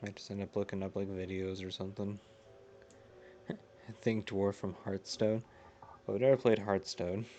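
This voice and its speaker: A man's voice: on the low side, flat delivery, normal speed, long pauses, dark tone, slight background noise. A man streaming a video game live, chatting casually, reading chat aloud and often laughing.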